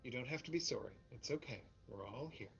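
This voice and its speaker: A man voicing a worried, loving father, speaking gently and soothingly to his hurt daughter. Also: medium pitch, lively intonation, fast talker, vocal fry, dull audio, faint music behind. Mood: tender.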